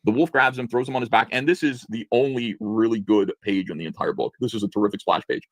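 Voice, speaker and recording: A man giving a sarcastic, indignant comic book review with rapid-fire commentary. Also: on the low side, no echo.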